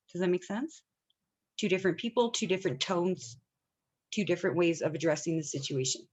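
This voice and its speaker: A woman's voice: on the low side, highs cut off. Chatty woman teacher quizzing her class. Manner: chatty, asks the class questions often. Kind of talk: online class lecture.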